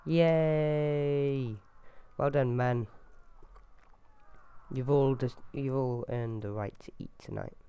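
Give me a man casually commentating his own game, with a smooth, clear voice that jumps into excited shouts. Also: mid-range voice, unhurried, pauses often. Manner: chatty running commentary with sudden excited yelps. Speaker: gameplay video host.

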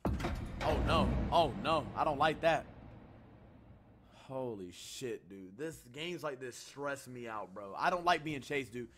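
A man's voice: mid-range voice, animated, slow, a little hiss or hum. A young man streaming a horror game, chatting in loose, slangy, profane banter and screaming when scared. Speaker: gaming streamer. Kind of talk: casual game commentary. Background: loud game music.

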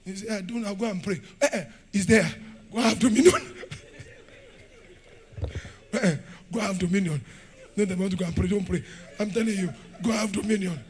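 A middle-aged Nigerian pastor preaching a fiery sermon in a church, shouting, laughing and firing questions at the congregation. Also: male voice, high-pitched, normal speed, long pauses.

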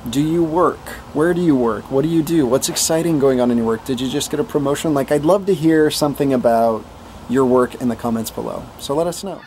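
Easygoing dad addressing viewers. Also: male voice, mid-range voice, darkish tone, a little hiss or hum. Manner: easygoing, asks viewers questions. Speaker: vlog host, father. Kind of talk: casual vlog narration.

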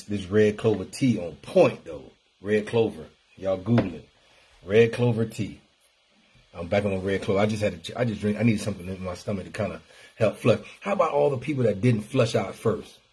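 A man hosting a casual motivational live stream in a preachy, animated, colloquial way. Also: low voice, husky. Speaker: wellness talk host.

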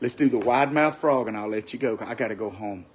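A man's voice: mid-range voice, a little fast, a little hiss or hum. An older man, chatting playfully with his grandchild at home as grandfather and host, chuckling and coaxing. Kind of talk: casual family chat. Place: indoors at a family home.

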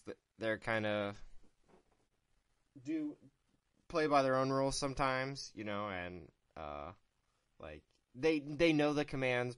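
A man hosting a podcast, asking questions in a relaxed, hesitant, casual way. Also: mid-range voice, clear, resonant tone. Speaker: podcast host. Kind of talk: casual interview chat.

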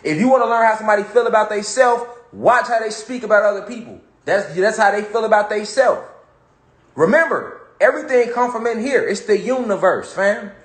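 Slangy, animated man in an echoey room. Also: high voice, brisk. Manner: slangy, street talk, animated, repeats phrases. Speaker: spiritual talk host. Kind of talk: casual motivational monologue.

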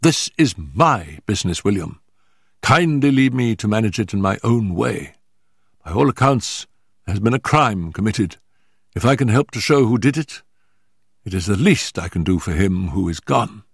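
A man's voice: fairly low pitch, lively intonation, normal speed, vocal fry, slightly rough, dry recording, studio quality, heavily acted. An older man voicing a composed, strong-willed young woman in a story reading, speaking firmly with a slightly raised voice.

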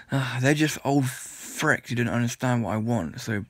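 A man's voice: mid-range voice, unhurried, few pauses, dry recording, clean studio sound. A young man from the UK ranting in a vlog, annoyed and rambling, with many restarts and blunt complaints. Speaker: vlogger.

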